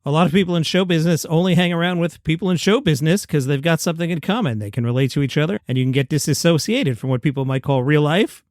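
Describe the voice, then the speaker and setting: A man hosting a daily comedy news show, reading a script in a steady announcer-like way. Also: a little high, quick pace, few pauses, no echo, studio quality. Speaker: news host.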